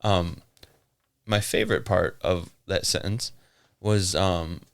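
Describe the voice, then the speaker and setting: A man's voice: low voice, steady tone, slow, vocal fry. A man co-hosting a podcast, telling a strange story in casual chat, joking and laughing often. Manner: laughs often, jokey, playful voices for quotes. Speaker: podcast co-host.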